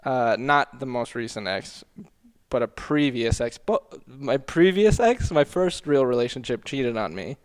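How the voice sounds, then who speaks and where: A man's voice: medium pitch, lively intonation, a little slow. A young man opening up in a personal chat, emotional and sincere. He hesitates and restarts often while he finds his words.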